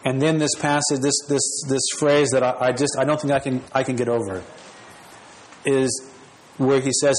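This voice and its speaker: A man's voice: medium pitch, fairly even intonation, moderate pace, slight background noise, poor audio. A man preaching a sermon in an earnest, personal way, repeating phrases and restarting now and then. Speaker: pastor.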